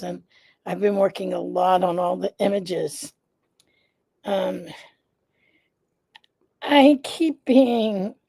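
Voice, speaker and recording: A congested woman hosting her live vlog in a casual, chatty way, often pausing with "um" and greeting viewers by name. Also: medium pitch, gravelly, mellow, no echo. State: congested, nasal stuffiness. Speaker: vlog host, founder of an organization. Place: indoors at home.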